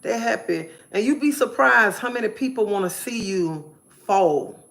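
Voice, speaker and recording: A woman's voice: medium pitch, expressive, moderate pace, vocal fry, a bit bright. A woman live streamer giving an emphatic personal testimony, repeating phrases in a preacherly way.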